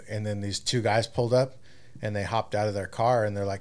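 Laid-back low-voiced podcast guy. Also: brisk. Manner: laid-back, profane, animated retelling. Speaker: podcast co-host. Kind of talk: casual chat, storytelling.

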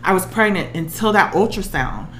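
A woman's voice: lowish voice, expressive, moderate pace, fairly bright tone, slight background noise. Tearful woman telling a personal story. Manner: emotional, tearful, emphatic. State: close to tears.

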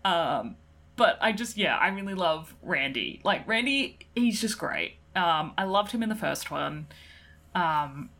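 A woman's voice: lowish voice, expressive, measured pace, a bit bright. A woman co-hosting a podcast, chatting enthusiastically about films and laughing often. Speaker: podcast co-host. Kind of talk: casual film discussion.

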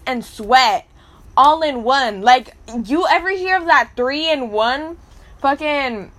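Speaking straight to her audience, a young female podcast host tells stories in a casual style. Her bright, high voice carries a crude, blunt manner, heavy on slang and profanity.

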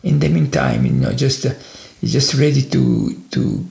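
A man telling a story in an animated, halting way. His voice is strongly gravelly and swings widely in pitch, and it is recorded in an echoey room. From Italy. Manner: animated, with many restarts and fillers. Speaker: podcast guest.

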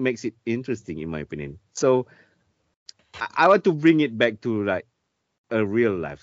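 Hesitant low-voiced podcast co-host, male. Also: no room sound. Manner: hesitant, full of fillers. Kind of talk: casual podcast chat. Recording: dull dry podcast audio.

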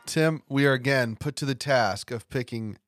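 A man co-hosting a movie podcast, chatting casually with jokes and quick asides. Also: medium pitch, fairly bright tone, no room sound, studio quality, soft background music. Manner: joking, upbeat, quick asides. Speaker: podcast co-host. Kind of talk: casual chat.

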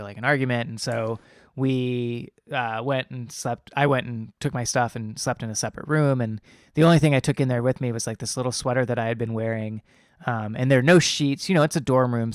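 A man's voice: medium pitch, no echo. Young guy rambling thru a story, lots of ums and likes, dry close sound. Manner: rambling and earnest, with many fillers. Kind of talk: casual personal storytelling.

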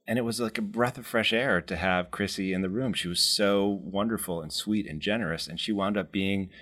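Guy with a lowish voice, calm, reasoned, chill talk. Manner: thoughtful, measured, pushes back gently. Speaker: co-host. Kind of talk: casual chat.

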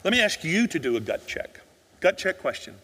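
A pastor delivers a sermon to his congregation in a high, ringing, sing-song voice that's brisk, a bit bright, and husky. He uses rhetorical questions and sinks almost to a whisper for emphasis, all within a large church sanctuary's long echo.

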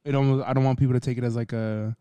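A man's voice: medium pitch, little pitch movement, rapid-fire, warm tone, smooth, dry recording. A man co-hosting a podcast in casual chat, rambling and laid-back, with plenty of swearing and fillers. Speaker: podcast co-host.

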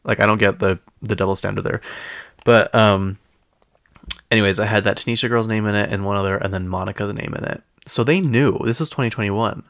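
A man's voice: on the low side, fairly quick, creaky, a bit bright, dry recording. A young man hosting a casual, gossipy podcast chat, talking loosely with lots of fillers. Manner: chatty, gossipy, many fillers. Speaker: podcast host. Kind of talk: casual chat recapping reality TV.

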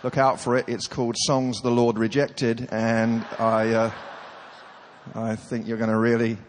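A man's voice: mid-range voice, little pitch movement, measured pace, a little hiss or hum. Chatty male preacher with a cold, hall echo. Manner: self-deprecating, chatty, dry humor. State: coughing, has a cold. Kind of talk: humorous sermon storytelling. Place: large hall with audience. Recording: reverberant hall.

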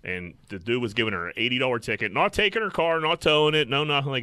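A man's voice: medium pitch, fast, hardly any pauses, clear, resonant tone, dry recording. A man telling stories on a podcast in casual, profane chat. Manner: profane, animated storytelling.

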